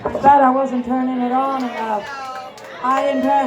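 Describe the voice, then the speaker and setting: A woman's voice: high-pitched, steady tone, moderate pace, noisy background. An Italian-accented woman from Italy performing a stand-up comedy set, brash and profane, with a self-mocking edge. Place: large indoor room, live venue. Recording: echoey room with live crowd.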